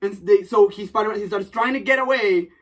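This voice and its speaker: A man hosting a comic book podcast, excitedly retelling a story and swearing casually. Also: high voice, quick pace, far from the mic. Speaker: podcast host recapping a comic. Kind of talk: casual chat.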